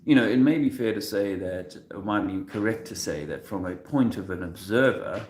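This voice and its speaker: A man hosting a casual livestream, talking in a halting way full of restarts and fillers, soft-spoken and emotional at times. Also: lowish voice, expressive. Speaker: video host. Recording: echoey room with faint noise.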